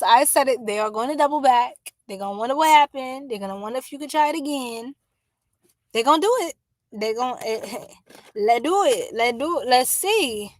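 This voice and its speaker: A woman giving a casual live-stream astrology reading, chatty and exclamatory, with drawn-out fillers. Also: a little high, dry recording. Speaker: astrology tarot reader. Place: home room by a window.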